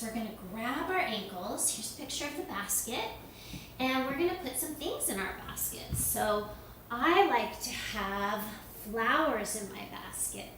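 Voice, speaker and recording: A woman guiding children through a yoga lesson, gentle and encouraging with a sing-song lilt. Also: fairly high pitch, animated, a little slow, a little hiss or hum. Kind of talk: guided kids' yoga lesson. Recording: echoey room, recorded from a distance.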